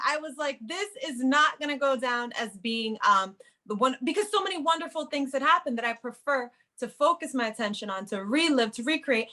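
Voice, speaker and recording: A woman in casual podcast chat, telling her story in an animated way and quoting what she told herself. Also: sits high. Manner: animated, quotes her own inner talk. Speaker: podcast co-host.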